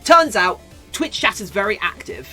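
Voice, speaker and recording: A woman's voice: medium pitch, big pitch swings, moderate pace, bright, forceful tone, faint music behind. A British woman streaming live, chatting playfully and mock-dramatically with her viewers while she crafts.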